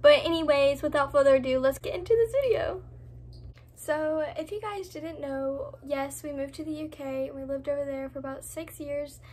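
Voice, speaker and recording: A woman's voice: high-pitched, normal speed, a little mellow. A young woman from Florida talking casually to her camera as a vlogger, rambling and chatty with lots of "like". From Florida, United States. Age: young adult. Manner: chatty, rambling, heavy use of "like". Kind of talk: casual vlog talk to camera.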